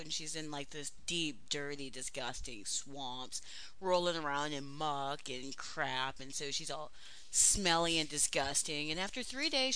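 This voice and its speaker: A speaker telling a long, profane joke in an animated storytelling way. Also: medium pitch, clean tone. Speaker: joke teller.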